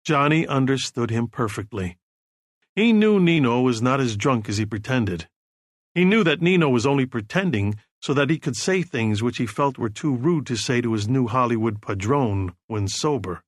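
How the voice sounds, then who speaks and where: A male audiobook narrator reads a crime novel at a steady, measured pace. His pitch sits in the middle range, and the recording is dry and close, with no room echo. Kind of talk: scripted narration.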